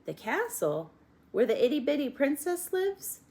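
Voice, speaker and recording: A woman voicing a half-deaf rough twelve-year-old servant girl with loud, coarse country talk. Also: high voice, big pitch swings, a little slow, pitched above the performer's own voice, full character voice. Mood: blunt, loud.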